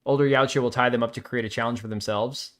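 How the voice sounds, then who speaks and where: Man, livestream host, mid-pitched voice, casual commentary, blunt, sarcastic, reads comments aloud. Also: fairly even intonation, quick pace, a bit bright.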